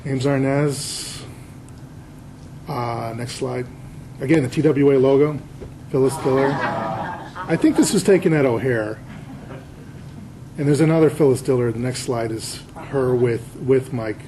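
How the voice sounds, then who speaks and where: A man's voice: medium pitch, unhurried, long pauses, warm tone, slight background noise, poor audio. A man, an author, giving a casual slide lecture to an audience, telling anecdotes and quizzing the crowd. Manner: chatty storyteller, quizzing the audience.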